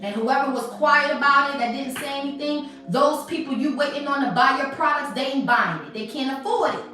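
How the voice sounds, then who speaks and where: A woman's voice: high-pitched, brisk, bright, forceful tone. A woman doing a livestream tarot reading who turns to profane, confrontational scolding of her viewers. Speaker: tarot reader. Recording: very echoey room, voice from a distance, faint music.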